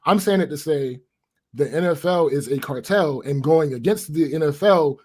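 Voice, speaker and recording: A man co-hosting a podcast in casual chat, thinking out loud with restarts as he lays out his reasoning. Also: a little high, normal speed, husky. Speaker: podcast co-host.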